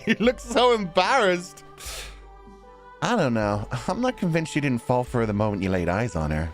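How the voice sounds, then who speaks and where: A man's voice: mid-range voice, sing-song, normal speed, soft background music. A man commenting casually on a visual novel as a streamer, laughing, crude and teasing.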